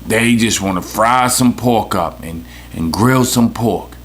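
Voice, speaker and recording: A man's voice: on the low side, takes it slowly, slight background noise. A man with a New York accent, hosting a podcast with a profane, rambling, joking rant. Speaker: podcast host. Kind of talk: casual comedic rant.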